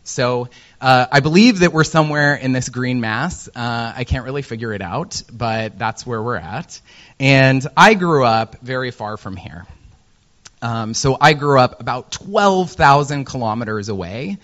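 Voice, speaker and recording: A man's voice: medium pitch, a bit bright, lo-fi sound. An American man from Indiana giving a conference talk as a user researcher, joking and self-deprecating, with many ums and uhs. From Indiana, USA. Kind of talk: presentation talk.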